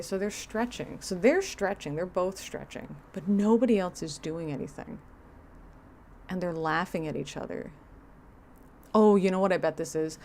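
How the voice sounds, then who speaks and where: Wry, lower-voiced woman livestreamer. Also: a little mellow, slight background noise. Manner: sarcastic, wry, laughing asides. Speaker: livestream host. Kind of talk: livestream reaction commentary.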